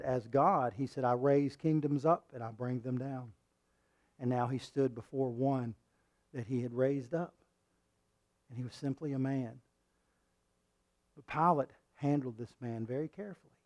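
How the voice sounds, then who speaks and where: A male preacher delivering a sermon, reading scripture and swinging between loud, forceful passages and hushed ones. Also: medium pitch. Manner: reads scripture aloud and acts out quoted lines.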